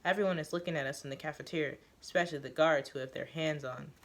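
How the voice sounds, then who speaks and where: Woman reading a story aloud, halting. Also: sits low, fairly even intonation, a little hiss or hum. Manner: halting, self-correcting, with fillers. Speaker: reader of a story.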